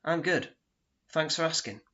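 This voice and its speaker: A man voicing a soft-spoken male therapist who asks careful, formal questions, on a dull lo-fi recording. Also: fairly high pitch, unhurried, pitched above the performer's own voice. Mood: polite.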